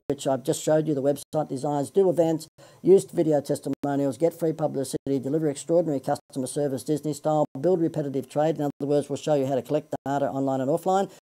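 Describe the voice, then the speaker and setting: Australian male marketing coach, salesy livestream patter, mellow low voice. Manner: chatty, self-deprecating, salesy.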